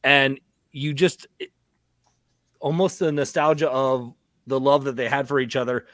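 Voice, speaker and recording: A man's voice: medium pitch, fairly even intonation, unhurried, fairly bright tone, dry recording. A man talking casually on a live-streamed panel, rambling with lots of fillers.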